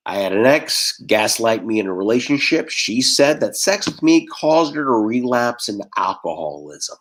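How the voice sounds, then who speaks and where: A Texan stand-up comedian with a mid-range voice performs a set over a video call. He rattles off quick deadpan one-liners and does voices for the characters in his jokes.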